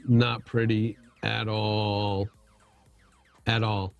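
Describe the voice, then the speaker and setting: A man's voice: lowish voice, flat delivery, drawn-out words, creaky, dull audio, soft background music. A middle-aged man hosting a casual livestream chat, rambling and poking fun at himself, with lots of restarts. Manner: rambling, self-deprecating, many restarts. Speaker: livestream host.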